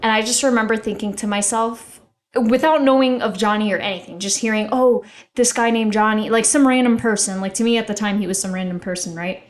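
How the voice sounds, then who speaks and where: A woman's voice: medium pitch, fast talker. A young woman giving casual, rambling commentary with strong opinions, often filling with "like". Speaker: commentary YouTuber.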